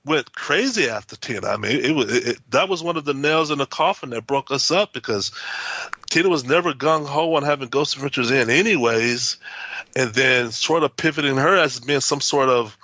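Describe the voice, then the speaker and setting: A man's voice: mid-range voice, bright, forceful tone, dry recording. A man, a house owner being interviewed, telling his story in a rambling way with many restarts and acted-out quotes.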